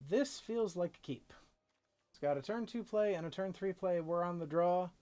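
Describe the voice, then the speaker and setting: This gameplay commentary comes from a man with a high, slightly mellow voice speaking at normal speed. He streams a card game live, musing casually and tossing in playful jokes.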